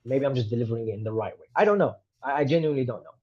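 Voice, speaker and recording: A British podcast guest in his thirties, from the United Kingdom and also a reciter, rambles candidly through tangents in a casual interview, chatty and poking fun at himself. His husky, slightly rough mid-range voice is animated, rapid-fire and darkish, and the podcast microphone audio is somewhat muffled and lo-fi.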